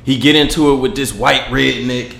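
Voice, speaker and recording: A young man with a mid-pitched voice tells stories in a laid-back, casual way, retelling events vividly as a podcast co-host. The room around him is echoey. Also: fairly even intonation, moderate pace, vocal fry, fairly bright tone.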